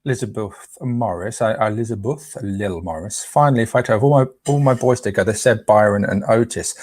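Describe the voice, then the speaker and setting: A man's voice: fairly low pitch, fairly quick, a little mellow, no room sound. A man hosts a casual live stream, chatting playfully and tripping over names as he reads them out.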